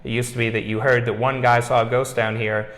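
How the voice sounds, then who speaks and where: A man's voice: medium pitch, fairly quick. A man talks easily through his stories, leaning on "you know" as he goes. He is the guest in an interview. The room is echoey, with a long reverb tail around his voice. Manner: relaxed storyteller, frequent "you know". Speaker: museum owner, interviewee. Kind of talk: casual interview chat.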